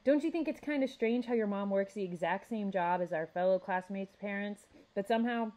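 A woman's voice: mid-range voice, expressive, moderate pace, dark tone, natural voice. A woman reading aloud as Joshua, a frustrated teenage boy who speaks bluntly and heatedly. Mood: angry. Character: angry frustrated teen boy carnivore student.

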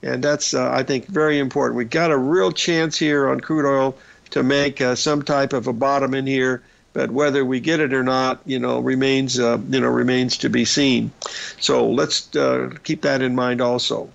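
A man's voice: medium pitch, level tone, moderate pace, vocal fry. An older man hosting a market radio show, rambling through trading anecdotes with plenty of fillers. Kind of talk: casual storytelling on a market show. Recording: dull lo-fi broadcast audio.

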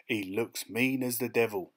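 A man voicing a sly, rat-faced male hitch-hiker with a soft, oily voice. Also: medium pitch, normal speed, natural voice. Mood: confiding.

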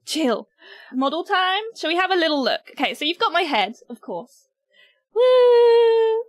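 A woman's voice: high-pitched, big pitch swings, normal speed, sharp tone, no echo, dull audio. A British woman streaming, chatting casually with her viewers, giggly and nervous. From Britain. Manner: giggly and nervous, talking to chat. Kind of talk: casual livestream chat.

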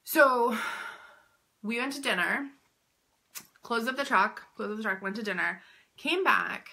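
A woman's voice: on the high side, a little slow, gravelly. A woman and boutique owner telling a story to camera in a casual, chatty way, with "like" in nearly every phrase. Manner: chatty, heavy use of "like", animated retelling. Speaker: boutique owner and business coach.

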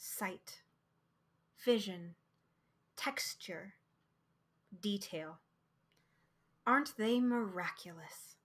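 A woman reading the part of a wry older male psychiatrist, quiet and reflective. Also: mid-range voice, very slow, long pauses, pitched below the performer's own voice. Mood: musing.

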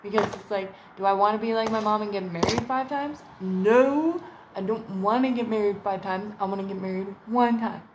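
Sitting at home, a woman with a mid-range voice delivers a brisk, nearly pause-free vlog monologue to camera, profane and wandering between topics while slipping into put-on voices for quotes. The background is noisy.

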